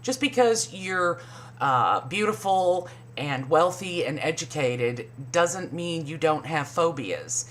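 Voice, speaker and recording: Recapping a reality show, this woman speaks slowly and expressively over slight background noise. Her commentary is casual, profane, sarcastic and mocking; she swears a lot and mimics people in high voices.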